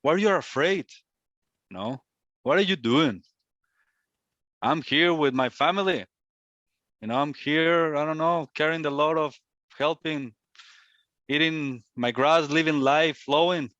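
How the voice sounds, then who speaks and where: A man's voice: on the high side, a little slow, pauses often, fairly bright tone, dry recording, pitched above the performer's own voice. A man voicing a timid young male lion who protests that he is only a farm animal, in a raised, bewildered voice. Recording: dull, lo-fi, dry.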